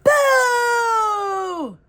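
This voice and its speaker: A woman voicing a mischievous male night creature who shrieks loud scares in a storybook read-aloud. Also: very high-pitched, animated, drawn-out words, noisy background, pitched above the performer's own voice, heavily acted. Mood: shrieking.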